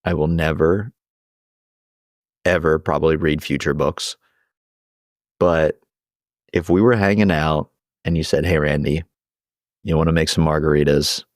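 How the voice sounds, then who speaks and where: A man's voice: very deep voice, fairly even intonation, a little slow, long pauses, no echo, studio quality. A young man co-hosting a podcast in casual chat, laughing often as he retells scenes. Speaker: podcast co-host.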